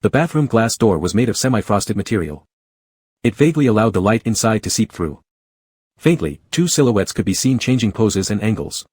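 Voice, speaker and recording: A man narrating a scripted comic story in an even, measured reading. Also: lowish voice, breathy edge, no echo.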